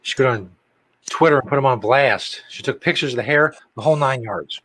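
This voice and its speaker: A man's voice: mid-range voice, a little fast, a bit bright, no echo, rough recording. A man co-hosting a casual podcast, teasing his co-host with jokes and mock outrage. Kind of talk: casual chat.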